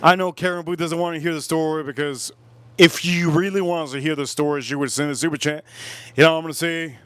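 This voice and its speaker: A man's voice: fairly high pitch, fairly even intonation, fast talker, a bit bright, smooth, dry recording. A man hosting a casual livestream while drinking, rambling, repeating himself, and cracking crude jokes. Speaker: livestream host.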